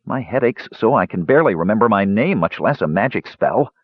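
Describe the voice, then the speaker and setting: A man's voice: on the low side, expressive, brisk, breathy edge, no room sound. A man voicing a young male mage, weary and seasick, who mumbles bitterly and puts himself down. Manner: mumbling, bitter, self-deprecating. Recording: dull lo-fi recording.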